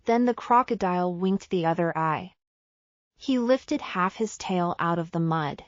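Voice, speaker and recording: A woman narrating a simple storybook for English learners, slow and careful. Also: on the low side, lively intonation, no room sound, highs cut off.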